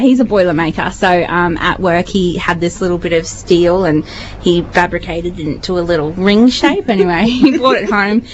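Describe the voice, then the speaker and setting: A woman's voice: medium pitch, a little hiss or hum. A young Australian woman, a singer guesting on a radio show, chatting casually and telling stories with lots of giggles. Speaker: singer in a duo, studio guest. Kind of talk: casual radio interview chat. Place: radio studio. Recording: dull lo-fi radio recording.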